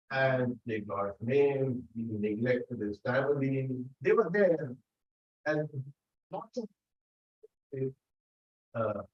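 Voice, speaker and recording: A man, a monk telling a devotional story in an unhurried sermon and acting out the quoted voices. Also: medium pitch. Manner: unhurried, acts out quoted voices, non-native grammar. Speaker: monk giving a talk. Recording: roomy echo, dull lo-fi sound.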